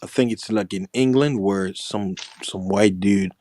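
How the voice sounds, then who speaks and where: A man chatting casually on a podcast, close to the mic, often breaking into giggles and high impressions. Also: measured pace, a little mellow, no room sound. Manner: giggly, keeps breaking into laughter and falsetto impressions.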